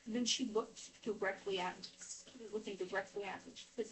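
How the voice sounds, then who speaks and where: A woman's voice: medium pitch, steady tone, fairly quick. A woman telling a long personal story in casual, rambling talk, restarting her sentences and filling them with "like" while she washes dishes at home. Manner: rambling with many restarts and fillers. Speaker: vlogger. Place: home kitchen, indoors. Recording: voice distant from the mic.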